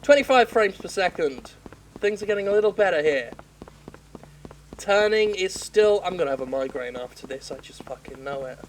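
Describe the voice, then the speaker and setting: A woman's voice: fairly low pitch, expressive, normal speed, a little hiss or hum, poor audio. A woman game critic giving sarcastic, profane commentary while playing. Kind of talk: sarcastic let's-play commentary.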